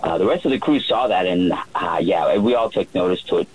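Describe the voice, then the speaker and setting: A man who works as a yacht chef, telling a relaxed story on the radio with many fillers and restarts. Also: deep voice, brisk, a little hiss or hum, rough recording.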